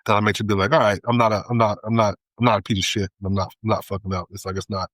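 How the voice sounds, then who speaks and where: A man's voice: on the low side, flat delivery, racing, fairly bright tone, no echo, low-quality recording. A man co-hosting a casual barbershop-style podcast. He rambles and laughs often. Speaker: podcast co-host.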